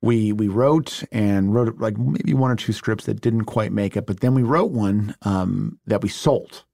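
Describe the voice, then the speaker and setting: A man talking animatedly in a casual interview, with a gravelly, creaky edge to his voice. The sound is close and dry, with little room behind it. He rattles off stories full of asides, restarts and bursts of laughter. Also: lowish voice, unhurried, mellow, no room sound. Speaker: actor and screenwriter guest.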